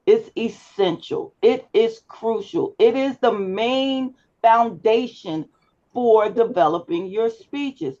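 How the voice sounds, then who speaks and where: Speaking slowly with lively intonation, a woman with a somewhat high, darkish voice teaches public speaking over a video class call. She is firm and instructive, talking straight to her students in the live online lecture, and her computer mic yields slightly dull sound.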